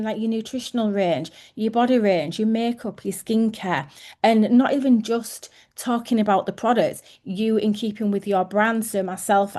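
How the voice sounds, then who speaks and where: A woman's voice: mid-range voice, darkish tone. A woman in her thirties giving a chatty coaching talk to her sales team as team leader, with many fillers and restarts.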